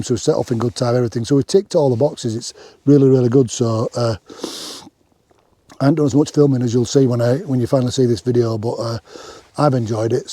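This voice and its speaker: Middle-aged hiker vlogging outdoors, rambling chat, very dark and husky tone, dry close sound. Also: male voice, medium pitch, dry recording. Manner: rambling and chatty, many restarts and fillers. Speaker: hiking vlogger. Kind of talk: casual outdoor vlog chat. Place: outdoors on open moorland. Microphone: clip-on microphone.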